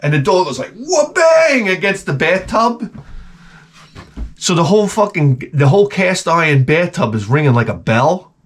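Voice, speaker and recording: A man's voice: fairly high pitch, lively intonation, normal speed. A man in his forties telling rambling, profane comic anecdotes in casual chat as a podcast host.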